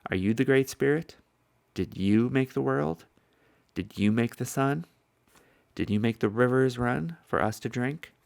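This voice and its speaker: A man's voice: medium pitch, a little slow, vocal fry, no room sound. A man doing a proud, defiant old chief. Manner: defiant, questioning. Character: defiant, proud older male tribal chief.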